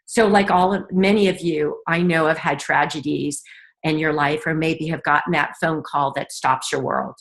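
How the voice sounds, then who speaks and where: Woman, middle-aged, low-pitched, earnest, heartfelt, halting. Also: steady tone. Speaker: guest, business leader. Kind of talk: personal story told in an interview.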